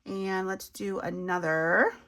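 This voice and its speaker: A woman's voice: medium pitch, fairly even intonation, slow pace, fairly bright tone, a little hiss or hum. A woman, chatting casually to viewers as she works through a savings challenge, laughing at herself as she goes. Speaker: budgeting video host.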